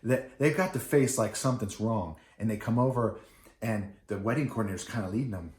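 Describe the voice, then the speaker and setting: Man, wedding DJ, low voice, casual rambling story, fillers and restarts, echoey room. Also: brisk. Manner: rambling with many fillers and restarts, acting out quoted people.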